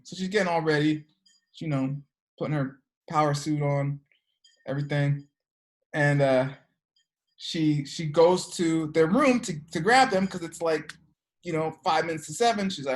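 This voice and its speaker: Slow, low-voiced woman teaching a class. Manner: checks in with students with frequent "okay?". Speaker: teacher of an energy work class. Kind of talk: classroom lecture with storytelling.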